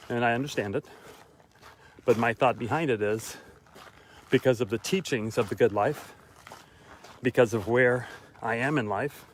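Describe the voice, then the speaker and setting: A tired, winded man talking casually while walking outdoors, repeating his key lines for emphasis with pauses. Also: medium pitch, slight background noise. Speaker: motivational vlogger. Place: outdoors on a walk.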